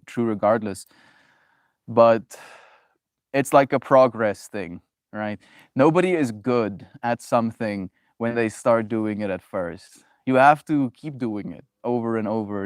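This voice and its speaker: A man hosting his daily livestream talks casually and reads out what viewers comment, animated and slipping into higher voices to act out reactions. His voice is smooth, captured in studio quality with no room sound.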